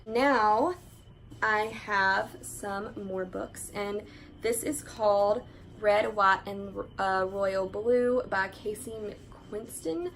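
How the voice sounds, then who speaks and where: A woman's voice: medium pitch, steady tone, measured pace, a little hiss or hum, poor audio. A woman chatting eagerly as a book vlogger, full of "like" fillers. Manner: chatty and enthusiastic, many "like" fillers. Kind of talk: casual book haul chat.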